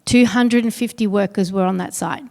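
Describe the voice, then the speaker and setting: A middle-aged woman telling a personal story on stage at an awards event, earnest and pausing heavily. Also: medium pitch, fairly even intonation, creaky, warm tone. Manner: earnest, heavy pauses, quotes others in dialogue. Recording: long hall reverb.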